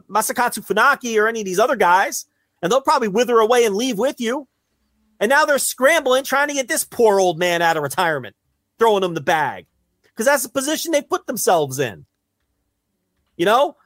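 Animated high-voiced podcast co-host man. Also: no echo. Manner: animated, profane, rambling with restarts. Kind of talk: casual podcast chat.

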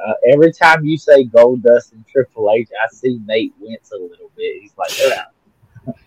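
A man's voice: mid-range voice, moderate pace, husky, low-quality recording. A man on a casual podcast panel, chiming in with sarcastic asides. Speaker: podcast co-host.

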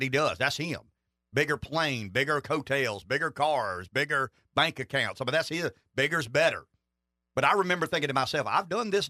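Guy on a politics talk show, swings his pitch all over, rambles and leans on words. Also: sharp tone, no room sound, clean studio sound. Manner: folksy, emphatic, rambling asides.

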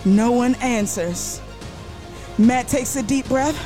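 A woman hosting a live radio show, telling a story with loose, animated slang-heavy delivery. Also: a little high, slow. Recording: music playing behind.

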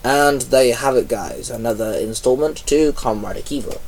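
A man reading his own action story aloud at an unhurried pace, now and then pausing on a stumble. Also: mid-range voice, creaky, a little mellow. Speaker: fan fiction reader. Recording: voice a bit far from mic.

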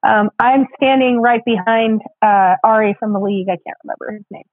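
A woman's voice: on the high side, brisk, no echo. A woman chatting casually as a guest about her acting work, laid-back and full of fillers. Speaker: podcast guest, background actor. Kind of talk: casual chat. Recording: tinny phone-like sound.

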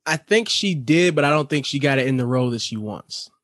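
A man with a middle-pitched voice joins a casual podcast chat, mostly agreeing in short bursts and now and then adding a view of his own. He speaks plainly and evenly. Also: lively intonation, a little fast, a bit bright. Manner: short agreeing replies and brief opinions. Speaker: podcast co-host.

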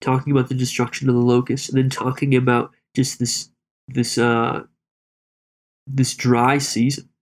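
Casting: man, mid-pitched, conversational Bible discussion, loose and halting delivery. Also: flat delivery. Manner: conversational, halting, with many restarts. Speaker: Bible study co-host.

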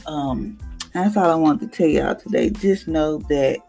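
A woman's voice: sits low, measured pace, creaky, mellow, faint music behind. A woman hosting a devotional podcast, speaking in a casual, emphatic way and acting out what she said to others.

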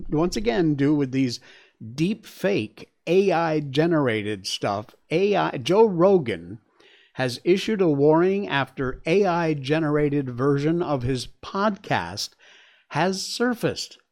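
A man's voice: on the high side, animated, slow pace, a little mellow. A man hosting a show, reading news stories aloud and reacting with chatty, exclaiming asides. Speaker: show host. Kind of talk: casual commentary on news stories.

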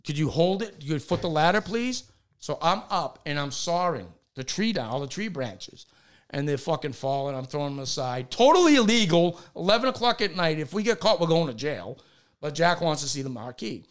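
A man's voice: fairly high pitch, brisk. A man, a stand-up comedian co-hosting a podcast, telling a story in casual, profane chat. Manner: animated, swearing, laughing storyteller. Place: small podcast studio.

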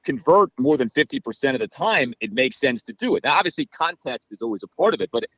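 Animated man breaking down football analytics. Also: mid-range voice, fast talker, no room sound, highs cut off. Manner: animated, analytical, many fillers. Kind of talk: casual podcast chat.

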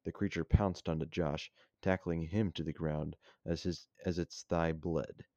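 A man's voice: low-pitched, fairly even intonation, measured pace, mellow, dry recording, highs cut off. A man hosting a casual podcast, reading his own story aloud in a dry manner and stopping to retake lines. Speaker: podcast host and story reader.

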